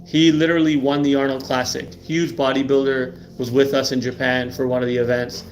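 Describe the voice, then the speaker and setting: A man's voice: medium pitch, little pitch movement, brisk, a little hiss or hum. A middle-aged man hosting a live stream about health, talking emphatically and often tagging lines with "right?", repeating words as he goes. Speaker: livestream host.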